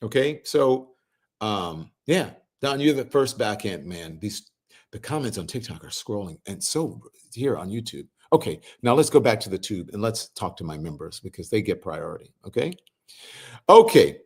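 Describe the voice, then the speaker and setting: A middle-aged man hosting a livestream, reading viewers' comments aloud and answering them in a relaxed, conversational way. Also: lowish voice, moderate pace, husky. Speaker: host reading live chat comments. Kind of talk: casual livestream chat.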